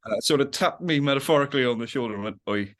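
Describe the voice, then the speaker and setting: A man's voice: mid-range voice, rapid-fire, fairly bright tone. A young man as a podcast guest, rambling in casual chat, laughing often and acting out little quotes. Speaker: podcast guest, web series creator.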